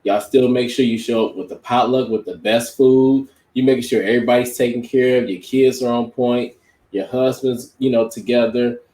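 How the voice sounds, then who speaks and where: A man's voice: mid-range voice, fairly even intonation, moderate pace, mellow. Casual-talking man in an echoey room. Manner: conversational, informal, speaks directly to the others. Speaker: podcast panelist. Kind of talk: casual discussion. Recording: roomy echo.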